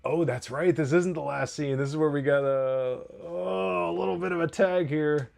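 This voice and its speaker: Excited man rambling through a TV review. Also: on the high side, normal speed, creaky. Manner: excited, rambling, with frequent restarts. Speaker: TV podcast host reviewing an episode. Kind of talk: casual spoken review.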